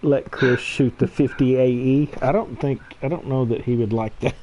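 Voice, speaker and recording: A man's voice: mid-range voice, steady tone, normal speed, dark tone, muffled recording, a little hiss or hum. A man hosting a casual livestream, laughing hard and reading viewer comments aloud, teary-eyed from laughter. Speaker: channel host.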